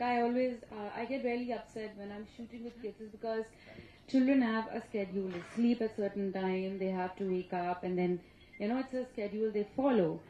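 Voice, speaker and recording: A woman, an actress at a press conference, telling stories in an animated, chatty way and often laughing and restarting. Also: a little high, slight background noise. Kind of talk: casual press-conference storytelling. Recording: echoey, slightly dull press-room sound.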